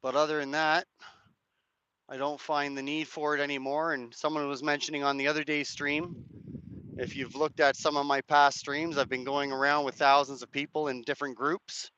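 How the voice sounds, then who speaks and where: Man, hoarse live streamer, rambling and hedging, crisp bright tone, dry lo-fi sound. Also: on the high side, flat delivery, moderate pace, dry recording. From Canada. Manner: rambling, hedging, chats to viewers' comments. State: hoarse, cracked voice. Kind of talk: casual live-stream commentary. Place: outdoors at a street rally.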